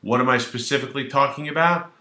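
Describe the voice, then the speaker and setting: A man's voice: mid-range voice, fast, sharp tone, reverberant. A male attorney explaining the law in a casual, colloquial way, acting out little scenes as he goes. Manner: colloquial and wisecracking, acts out quoted dialogue. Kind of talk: legal explainer video, casual direct-to-camera talk.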